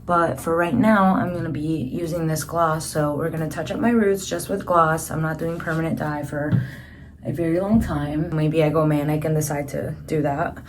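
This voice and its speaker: A woman's voice: low voice, steady tone, normal speed, a little hiss or hum. A young woman vlogging casually, chatty and upbeat, with lots of fillers. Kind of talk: casual vlog narration. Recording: background music under voice.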